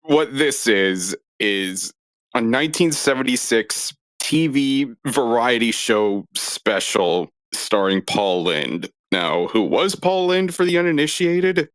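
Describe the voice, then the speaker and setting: Dude cohost, wry, laughs a lot, dead dry sound. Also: male voice, medium pitch, expressive, slow, no room sound. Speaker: podcast co-host. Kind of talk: casual chat.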